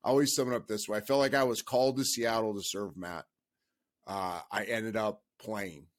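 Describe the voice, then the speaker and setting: Earnest low-voiced man in his fifties. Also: moderate pace. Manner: earnest, animated storyteller. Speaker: former pro quarterback. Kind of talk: casual conversation.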